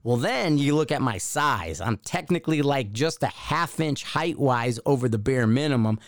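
A man's voice: mid-range voice, lively intonation, moderate pace, no room sound, studio quality. A man hosting a podcast, telling a long personal anecdote in a casual, rambling way and acting out the voices of the people in it. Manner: rambling anecdote with acted-out quotes. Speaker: podcast host. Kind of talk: casual storytelling.

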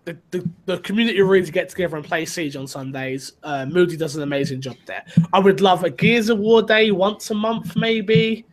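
Man, high-pitched voice, podcast co-host, casual chat, upbeat, gaming talk. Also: fairly even intonation, a little fast, few pauses. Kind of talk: casual chat, reading listener emails.

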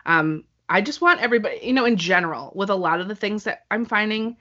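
A woman co-hosting a casual podcast chat, an animated storyteller who acts out the voices she quotes. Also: medium pitch, fast talker. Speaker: podcast co-host. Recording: slightly dull lo-fi audio.

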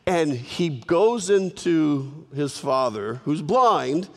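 A male pastor preaching with animated, repeating emphasis as he retells a story. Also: fairly high pitch, drawn-out words, soft background music. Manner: animated, repeats words for emphasis, acts out characters. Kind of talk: sermon storytelling. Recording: reverberant hall.

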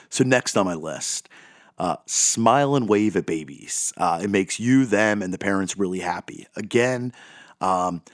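A man's voice: sits low, animated, measured pace, no echo, clean studio sound. A man hosting a podcast, talking in a rambling, self-deprecating, goofy way. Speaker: podcast host. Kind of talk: casual monologue.

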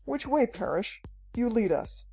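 An anxious, protective young male adventurer with short, terse lines, as a woman reader gives him voice. The tone stays mellow and warm. Faint music plays underneath the storybook reading. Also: on the high side, sing-song, unhurried, gravelly, husky, pitched above the performer's own voice, full character voice. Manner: terse, shouting.

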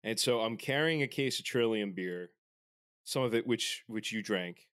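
A man's voice: lowish voice, expressive, normal speed, a bit bright, clean tone. Man, podcast co-host, casual chat, rambling stories, swears a lot. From Philadelphia. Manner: rambling storytelling, heavy swearing.

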